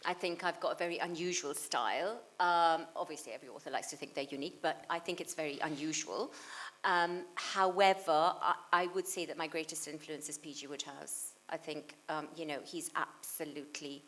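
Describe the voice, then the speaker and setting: A woman's voice: low-pitched, a little fast, a bit bright. A woman author telling chatty, laughing anecdotes to an audience at a book launch. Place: event hall before an audience.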